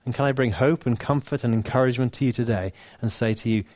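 A man with an English accent preaching a sermon, earnest and warm, dropping to soft, hushed lines for emphasis, with touches of dry humor. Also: medium pitch, steady tone, quick pace, no echo. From England. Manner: earnest, softening to near-whisper on key lines, dry humor.

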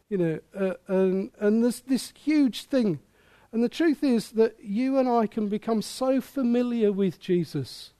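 A man's voice: high voice, a little slow, mellow, no room sound. A man preaching a sermon as pastor, earnest and repetitive, often acting out quoted voices. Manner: earnest, repeats words and restarts, acts out quoted voices.

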